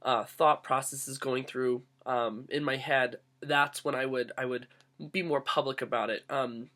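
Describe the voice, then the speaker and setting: A man's voice: medium pitch, fairly even intonation, bright, forceful tone. Groggy young man, earnest vlog talk. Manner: earnest, halting with restarts and fillers. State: groggy, getting sick. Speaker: vlogger. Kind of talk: casual reflective vlog.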